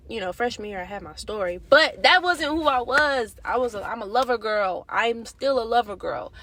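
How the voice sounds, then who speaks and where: A young woman vlogger telling a personal faith testimony in a candid, animated, slangy way. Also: medium pitch. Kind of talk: casual testimony.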